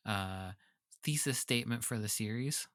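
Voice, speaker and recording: A man's voice: on the low side, normal speed, fairly bright tone, no room sound, studio quality. A man co-hosting a podcast in easygoing casual chat, tossing in joking asides. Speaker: podcast co-host.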